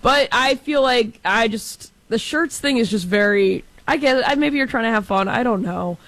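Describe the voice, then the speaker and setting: A woman's voice: a little high, moderate pace, a bit bright, no room sound, rough recording. A woman in her twenties from Texas, co-hosting sports talk in a chatty, frank way full of fillers. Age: 20s.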